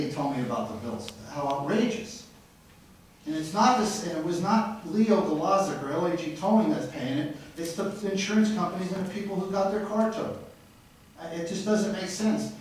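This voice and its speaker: This frustrated resident's voice sits high as he addresses a city council during public comment at a moderate pace. His rambling, blunt comments build into loud accusations, captured far away in a very echoey chamber with slight background noise.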